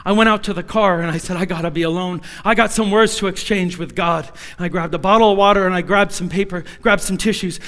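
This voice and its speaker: A young man with a high, bright voice preaches in a large hall, his words trailing off into long reverb. He tells his story in a quiet, intimate voice, then rises to loud, shouted pleading. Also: fairly even intonation, fast talker, few pauses. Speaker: preacher giving a testimony. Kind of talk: sermon.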